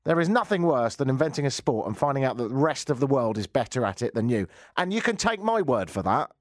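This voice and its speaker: A man's voice: medium pitch, big pitch swings, fast talker, no echo, clean studio sound. A man hosting a radio show, giving casual commentary with wry, rambling jokes and asides. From England. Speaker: radio host.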